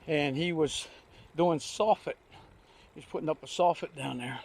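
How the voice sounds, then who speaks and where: This older vlogger's voice sits on the high side, with vocal fry and a darkish tone, moving at normal speed. Out on a recumbent trike ride, he casually spins rambling, folksy anecdotes in homespun speech.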